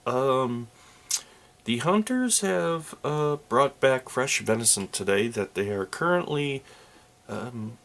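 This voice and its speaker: A friendly tavern innkeeper woman, voiced higher than the speaker's own voice, as a man puts her on for a solo tabletop game. She talks slowly and hesitates, filling her pauses with ums. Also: expressive, creaky, fairly bright tone, full character voice. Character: chatty female tavern innkeeper, middle-aged.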